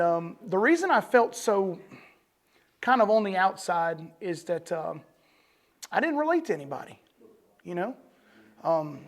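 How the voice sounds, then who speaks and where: A man telling his recovery testimony to a meeting room audience in a loose, conversational way. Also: high-pitched. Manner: conversational, peppered with "you know" and "man". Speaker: recovery speaker.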